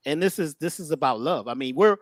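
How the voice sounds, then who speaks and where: Halting, preachy man with a lively voice. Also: a little high, no echo. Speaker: guest speaker. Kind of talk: spiritual workshop talk.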